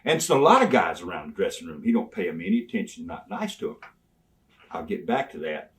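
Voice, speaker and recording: An older man, telling animated, folksy stories as an interview guest and laughing along the way. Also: deep voice, a little fast. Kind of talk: storytelling in a sit-down interview.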